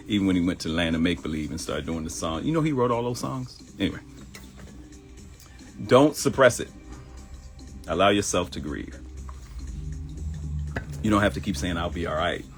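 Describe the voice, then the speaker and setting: A man with a deep, low voice talks straight to his live audience, giving advice and cracking jokes. Faint music plays under him. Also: animated, moderate pace, pauses often. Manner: conversational, preachy, joking. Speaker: live show host. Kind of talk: casual livestream monologue.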